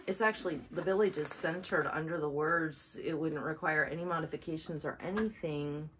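A woman's voice: deep voice, normal speed, fairly bright tone, a little hiss or hum, poor audio. A woman hosting a casual show-and-tell video, chatting in a rambling way and correcting herself as she goes. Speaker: flosstube host.

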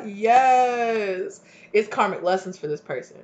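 A woman gives a tarot reading in a relaxed, chatty way, telling it as a story. She acts out each person in it with lively swings in her voice. The audio sounds a little dull and lo-fi. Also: a little high. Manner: animated storytelling, acting out voices of people in her stories. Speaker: tarot reader. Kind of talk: casual tarot reading monologue.

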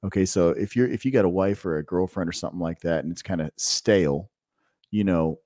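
A man's voice: deep voice, brisk, warm tone, no room sound, studio quality. A man co-hosting a podcast in casual chat, emphatic and talking straight to the listeners. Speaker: podcast co-host.

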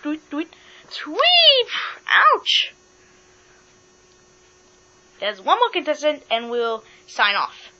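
A woman hosts a playful pretend talk show in a high, bright voice. She speaks in a bossy, matter-of-fact way and moves guests along. The recording is dull and lo-fi with mains hum. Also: big pitch swings, normal speed. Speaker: host of a toy talk show.

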